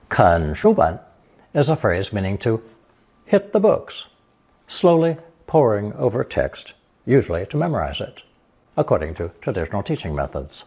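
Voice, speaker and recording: A man teaching a recorded language lesson, explaining word meanings slowly and clearly and reading example sentences aloud. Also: fairly low pitch, darkish tone.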